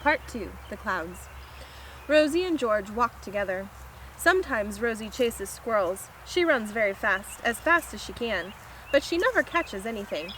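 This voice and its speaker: A woman teacher reading a children's picture book aloud, expressive and asking her young listeners questions. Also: on the high side, measured pace, a little hiss or hum.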